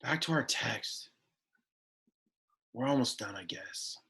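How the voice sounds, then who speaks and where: Brief: man putting on a bored, sulky teenage boy teaching Latin, slow, croaky, very husky drawl. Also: mid-range voice, full character voice. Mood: exasperated deadpan. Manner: deadpan, whiny, easily annoyed. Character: sullen awkward teenage boy, exasperated and bored. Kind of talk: Latin lesson in character.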